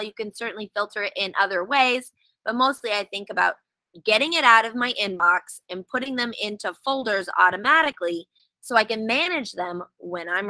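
A woman's voice: mid-range voice, bright, forceful tone, dry recording, low-quality recording. A woman running a casual webinar, explaining step by step in a chatty, wry way while sitting outdoors.

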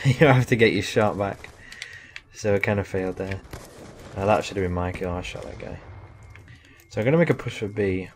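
A young man talks his way through a live match in an easy, rambling way, poking fun at himself as he goes. His voice sits fairly low. A faint hiss of noise lies under the recording. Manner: casual, rambling, self-deprecating with laughs. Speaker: gaming commentator. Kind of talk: live gameplay commentary.

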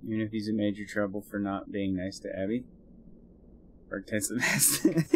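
A young man giving casual commentary over a let's play, excitable and jokey, prone to profane outbursts. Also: lowish voice, normal speed, slight background noise.

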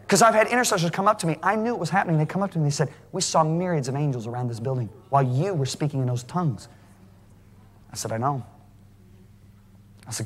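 Fast-talking preacher man in a reverberant hall. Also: on the high side. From United States. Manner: emphatic, rising to near shouting at climaxes. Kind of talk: sermon. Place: large church hall. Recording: live sermon in a reverberant hall.

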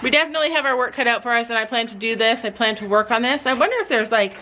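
A woman vlogging outdoors with horses, talking softly and coaxingly to a nervous pony, recorded on a camera mic. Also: a little high, racing, long reverb tail, muffled recording, background noise. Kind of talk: casual vlog narration.

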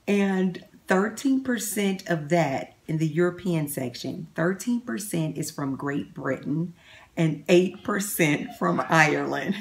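A middle-aged woman vlogging to camera at home, chatting excitedly as she reads results off her computer. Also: on the low side, slow pace, creaky. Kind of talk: casual vlog to camera.

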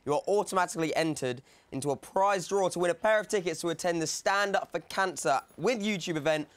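A man's voice: high-pitched, quick pace. A man co-hosting a live charity stream, cheerful and encouraging as he urges viewers to donate. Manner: cheerful, encouraging, hypes the crowd. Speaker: livestream co-host. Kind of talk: upbeat live presenting.

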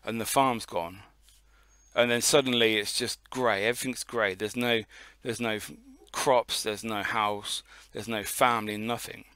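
A man on a casual podcast tells a rambling story and swears freely along the way. His voice is bright and sharp, and it sounds close and dry, with no room echo. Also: lowish voice, steady tone, a little slow, clean tone. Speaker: podcast co-host.

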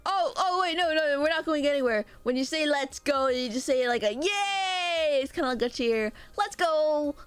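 A young woman from Mexico streaming and chatting loosely with viewers, loud and rambling, often laughing at herself. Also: high voice, dry recording, soft background music. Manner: loud, rambling, self-mocking, quick laughs. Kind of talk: casual live-stream chat with viewers.

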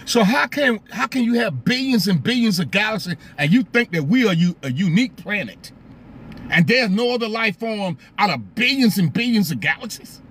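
A man's voice: high-pitched, lively intonation, moderate pace, fairly bright tone, slightly rough. A man hosting a live stream, talking casually, greeting viewers by name and asking them rhetorical questions.

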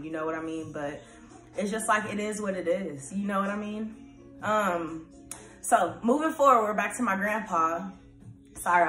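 A young woman vlogging in a casual, candid monologue, rambling with lots of fillers and often laughing. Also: on the low side. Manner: laughs often, turns loud and animated when excited. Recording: echoey room.

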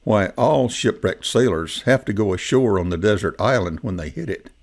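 A man reading the part of a firm, adventurous old male rabbit gentleman in a storybook, in a plain reading voice. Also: on the low side, animated, normal speed.

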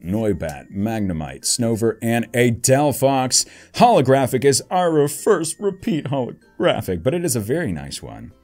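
A man giving casual card-opening commentary, listing card names in a low mutter and breaking into excited outbursts and jokey asides. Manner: jokey asides about the cards. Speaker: YouTuber opening trading card packs.

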